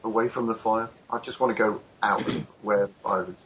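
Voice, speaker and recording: A man playing a tabletop game over a voice call, speaking hesitantly with halting starts. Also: fairly low pitch, fairly even intonation, fairly bright tone. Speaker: player. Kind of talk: casual tabletop play. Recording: dull lo-fi voice call audio.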